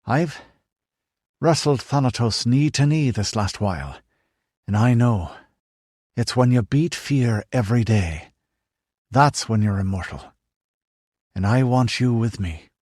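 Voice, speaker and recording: A man voicing a badly wounded young male leader who speaks quietly, wearily and firmly. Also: mid-range voice, animated, unhurried, pauses often, dry recording, studio quality. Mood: weary, firm. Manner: quiet, weary, firm.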